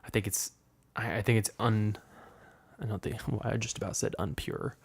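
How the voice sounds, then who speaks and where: A young man with a fairly low voice hosts a solo podcast. He rambles frankly and swears freely, and at times slips into improvised poetry. The sound is dry and close. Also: steady tone, normal speed, gravelly, husky, dry recording. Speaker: podcast host. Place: room with a window open.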